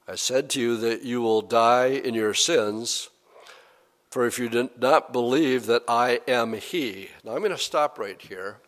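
Male pastor, unhurried verse-by-verse sermon, long church-hall reverb. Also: medium pitch. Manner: slow and deliberate, reads scripture aloud.

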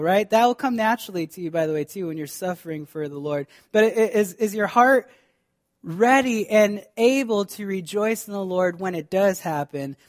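Male pastor, higher-pitched voice, fervent sermon delivery, talks straight to the congregation with frequent restarts.

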